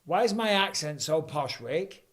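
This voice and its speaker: A man, hosting a live fight watch-along and calling the action with rising excitement. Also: a little high, measured pace. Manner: excitable, rising for big moments. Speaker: host. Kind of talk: live fight commentary and chat.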